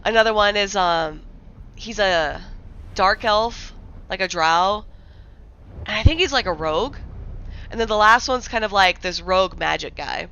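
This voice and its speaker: A young woman from the Midwest rambles to her stream viewers in a bright, sharp voice, piling on fillers and half-finished thoughts. The audio is a little muffled and dull, like a typical home stream mic. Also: medium pitch, a little slow, long pauses, clear, resonant tone. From American Midwest. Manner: rambling, filler-heavy, many likes and restarts. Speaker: livestreamer. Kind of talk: casual livestream chat.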